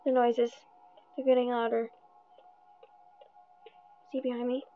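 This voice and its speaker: A woman's voice: a little high, flat delivery, measured pace, faint music behind. A young woman gaming a horror game, nervous and trash-talking, sighing and pleading between jump scares. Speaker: gamer reacting to a horror game. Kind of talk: frightened gameplay commentary. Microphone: phone. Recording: tinny phone-like screen recording.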